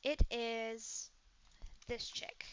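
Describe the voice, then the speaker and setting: A woman game master narrating a tabletop role-play in a relaxed way, with many fillers. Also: on the high side, extremely slow, dull audio, a little hiss or hum.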